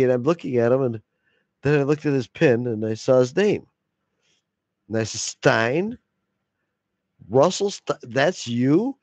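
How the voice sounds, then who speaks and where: A man's voice: medium pitch, animated, measured pace, long pauses, a little mellow, no room sound. A man telling a long profane story in a casual way, laughing often and acting out the other voices. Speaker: video blogger.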